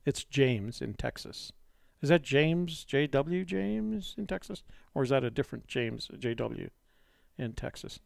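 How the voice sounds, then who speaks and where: A man's voice: medium pitch, animated, unhurried, creaky, no room sound, studio quality. A man hosting a live-streamed call-in show, talking in a chatty, rambling way with many fillers. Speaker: host.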